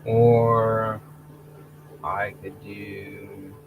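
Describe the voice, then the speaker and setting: A man hosting a casual livestream, talking in a rambling, halting way, restarting phrases and clearing his throat. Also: on the low side, level tone, phone-quality sound, over music. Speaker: livestream host.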